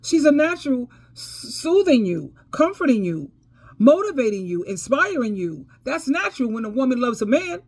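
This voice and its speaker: An advice vlogger tells a casual story in a high-pitched, very animated voice that is a little mellow and husky, at a moderate pace. She's preachy and emphatic, calls listeners "baby" and "girl," repeats phrases for emphasis, and laughs between points.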